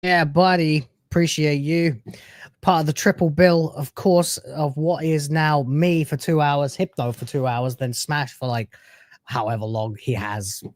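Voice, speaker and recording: A man's voice: on the high side, steady tone, unhurried, no echo, studio quality. A man hosting a live stream, chatting casually with brash, sarcastic, crude banter.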